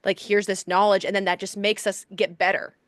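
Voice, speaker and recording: A woman's voice: medium pitch, flat delivery, brisk, dry recording, clean studio sound. Effusive woman co-hosting a podcast. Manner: gushing, effusive, lots of "like". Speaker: podcast co-host. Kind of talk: casual chat.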